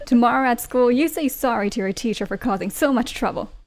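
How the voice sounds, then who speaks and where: A woman voicing a stern immigrant father who lectures his children loudly. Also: fairly high pitch, brisk, faint music behind, close to an everyday voice. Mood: scolding. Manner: loud, lecturing, scolding.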